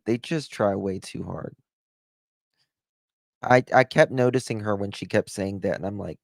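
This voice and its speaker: A Southern man with a clear twang comments casually on a news clip. He talks slowly in a lowish voice and rambles with asides. The sound is close and dry. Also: darkish tone, no room sound. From American South. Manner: rambling, chatty, with restarts and asides. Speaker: true crime commentator.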